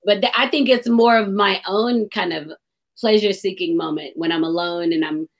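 A woman's voice: mid-range voice, moderate pace. A woman hosting a radio talk show, chatting openly and expressively and laughing easily.

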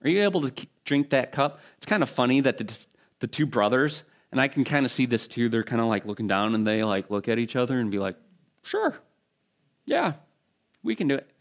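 A man's voice: medium pitch, fast. A male pastor preaching a sermon in a conversational, storytelling way, with asides and restarts.

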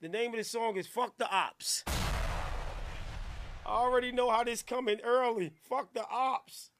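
A man hosting a radio show, bantering loudly in slang and laughing with his guests. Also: extremely high pitch, fairly even intonation, a little slow, slight background noise. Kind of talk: casual radio show chat.

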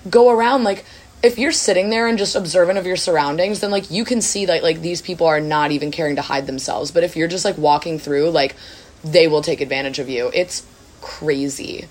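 A woman's voice: low-pitched, a little fast. A young woman hosting a podcast, chatting casually and filling her talk with "like". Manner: casual, lots of filler "like". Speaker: podcast host. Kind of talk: casual chat.

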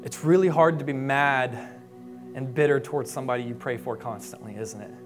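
A young adult man, a pastor, preaching a sermon with storytelling, moving from hushed, quiet passages to emphatic rises. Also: mid-range voice, a little fast, over music. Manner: storytelling, voicing quoted people, swings from hushed to emphatic.

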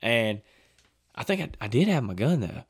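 A man with a drawl tells a hunting story in relaxed podcast chat, his voice mid-pitched and recorded dry and close. He acts out what people said with sudden bursts of excitement and laughter. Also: normal speed, slightly rough, no echo. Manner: animated storyteller, acts out quotes, laughs often. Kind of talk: casual chat.

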